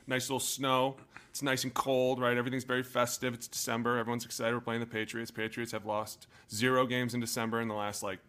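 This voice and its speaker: A man with a bright, forceful voice tells stories on a casual sports podcast. He is animated and swings louder whenever he acts out what someone said. He is talking from a home setup. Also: mid-range voice. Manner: animated storyteller, swings loud when acting out quotes. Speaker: podcast co-host, former NFL lineman. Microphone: home setup in front of drums.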